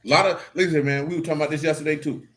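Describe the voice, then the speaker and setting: A man teaching scripture in a casual stream, joking and swearing in street slang, with sudden animated outbursts. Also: fairly high pitch, very fast. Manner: animated preaching with rising outbursts. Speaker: Bible teacher.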